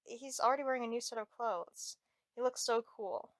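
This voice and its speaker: A woman's voice: fairly high pitch, a little fast, dry recording. Giggly woman reading a dating game. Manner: giggly, playful, excitable. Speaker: gaming streamer.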